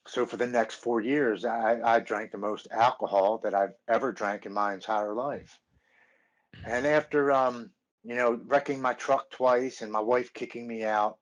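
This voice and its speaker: A man in his thirties, a podcast guest, telling his recovery story earnestly, stopping and restarting often. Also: on the low side. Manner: earnest, halting with many restarts. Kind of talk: personal recovery story, casual chat.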